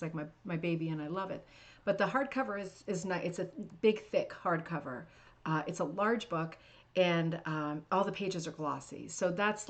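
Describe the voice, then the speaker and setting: A woman hosting a craft club livestream from her couch at home, chatting casually and greeting viewers by name, with lots of fillers and restarts. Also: fairly low pitch. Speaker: host of a rug hooking club livestream.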